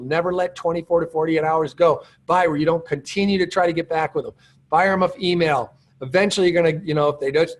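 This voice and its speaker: A man giving a casual, encouraging training talk to newcomers, chatty and self-deprecating. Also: a little high. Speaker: business trainer.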